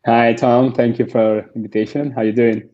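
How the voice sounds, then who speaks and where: A man's voice: medium pitch, little pitch movement, brisk, warm tone, dull audio. A man joining as a guest on a video call, polite and easygoing.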